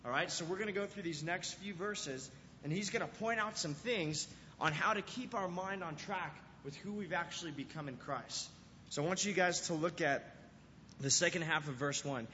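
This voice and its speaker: A man's voice: fairly high pitch, normal speed, a little hiss or hum. A young man giving a casual sermon to a youth group, telling stories and acting out scenes, with lots of "like" and "right?". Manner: animated storytelling, acts out scenes, fillers like "like" and "right?". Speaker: youth pastor. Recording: dull lo-fi sound in a reverberant hall.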